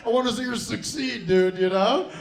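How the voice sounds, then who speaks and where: Young male comic, high-pitched, crude and brash, handheld mic in an echoey club. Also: moderate pace, creaky. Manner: crude, brash, laughing at his own jokes. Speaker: stand-up comedian. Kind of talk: stand-up set. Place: comedy club stage. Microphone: handheld stage mic. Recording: roomy club sound.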